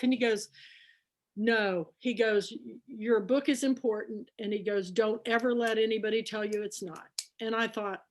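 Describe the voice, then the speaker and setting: A woman from Kansas hosting a book club on a video call, chatty and emotional, retelling conversations. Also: on the high side. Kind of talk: casual chat on video call.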